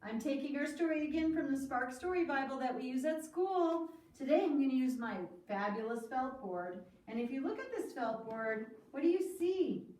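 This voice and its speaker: A woman leads children's story time with a felt board. Her voice is high and sing-song, and she keeps asking the children questions. She sounds a little distant, in a room with lots of echo. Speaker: children's storyteller at a church school. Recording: echoey room, far from mic.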